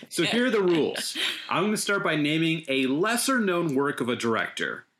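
Relaxed male podcast host. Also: a little high, moderate pace. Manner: relaxed, explains game rules plainly. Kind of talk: casual podcast hosting.

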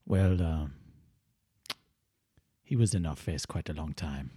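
A man's voice: very deep voice, slow, warm tone, slightly rough, dry recording, clean studio sound. Playful man in improv comedy. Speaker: improv performer.

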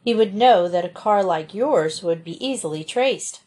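A woman's voice: medium pitch, expressive, normal speed, a little mellow, lightly acted. A woman voicing an eager teenage boy detective.

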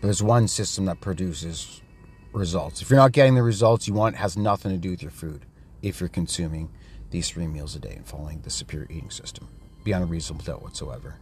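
A man's voice: low voice, quick pace, a little mellow, soft background music. A man hosting a podcast, speaking in an emphatic, declarative casual monologue that repeats short phrases. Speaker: podcast host.

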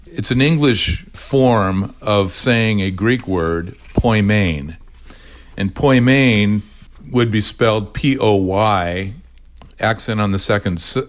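Older man, measured retired pastor. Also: on the low side. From California. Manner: measured, explanatory, spells words out. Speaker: retired pastor, ministry founder. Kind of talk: podcast conversation.

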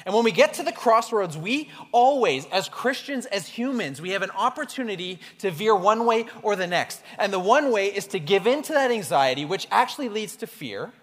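A male pastor preaching an animated, conversational sermon to his congregation in a church hall. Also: sits high, normal speed, few pauses. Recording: echoey hall reverb.

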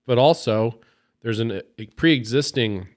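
A man's voice: medium pitch, measured pace. A man co-hosting a podcast, telling a long story in casual chat with lots of fillers and restarts. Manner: rambling storyteller with many fillers. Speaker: podcast co-host.

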